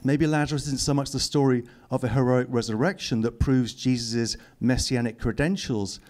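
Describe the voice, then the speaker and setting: A man's voice: mid-range voice, normal speed, a little mellow. Man reading aloud, dry teasing asides. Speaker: author giving a public reading. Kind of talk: reading aloud and commenting to an audience. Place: lecture hall.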